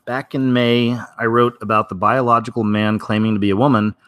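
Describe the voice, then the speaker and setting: A man's voice: medium pitch, flat delivery, fairly quick, a bit bright, smooth, no room sound, clean studio sound. A man hosting his show, giving casual, rambling commentary on video clips with many filler words. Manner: rambling, lots of "you know" fillers. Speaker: show host.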